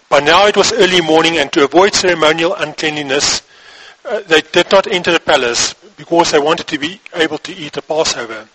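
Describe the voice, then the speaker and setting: Husky, bright-voiced man reading scripture. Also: a little high, poor audio. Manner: reads, then breaks off to explain; occasional restarts and stumbles.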